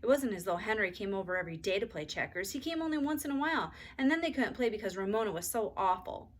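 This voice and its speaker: A woman teacher narrating a children's chapter book aloud in an even, expressive way. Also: medium pitch, quick pace. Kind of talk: storybook read-aloud.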